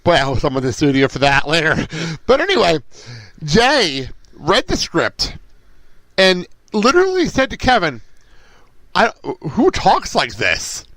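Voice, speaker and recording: A man hosting a casual movie podcast, excitable and often laughing, sometimes losing his train of thought. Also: on the high side, moderate pace, dry recording, poor audio. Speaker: podcast host.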